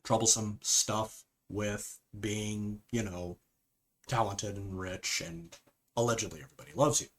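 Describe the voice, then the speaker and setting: A man's voice: on the low side, steady tone, measured pace, a bit bright. Rambling man reviewing a film. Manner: rambling, with frequent fillers and "okay?" asides. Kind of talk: casual spoken film review.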